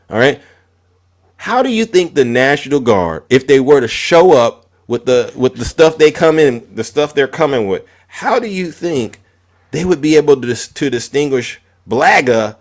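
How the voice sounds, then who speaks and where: A man giving heated political commentary as a live host, repeating words as he builds his point and mocking his opponents. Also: mid-range voice.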